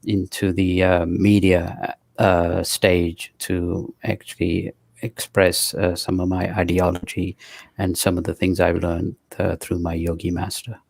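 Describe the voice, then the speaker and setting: Man, British accent, low voice, flat delivery, hesitant with restarts, dry close sound. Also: gravelly, no echo. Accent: British English. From Pakistan. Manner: halting, full of pauses and restarts. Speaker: podcast guest. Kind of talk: casual interview talk.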